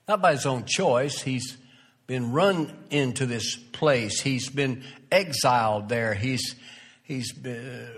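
Male pastor preaching a sermon, unhurried, mid-pitched voice, earnest and building. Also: a bit bright, slightly rough.

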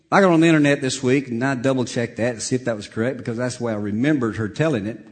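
Man preaching, lively pitch, husky voice, slow scripture reading, animated storytelling. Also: big-room sound. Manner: animated, chuckles through anecdotes, reads scripture slowly. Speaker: pastor.

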